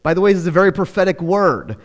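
A man's voice: high-pitched, sing-song, fast talker. A man preaching a sermon in a chatty, joking way, laughing often at his own asides. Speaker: pastor. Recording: long hall reverb.

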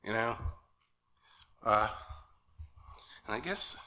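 A nervous man speaking as a lay preacher at a church, earnest and halting, often checking in with "okay?". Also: on the low side, lively intonation, sharp tone. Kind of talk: sermon. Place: church sanctuary.

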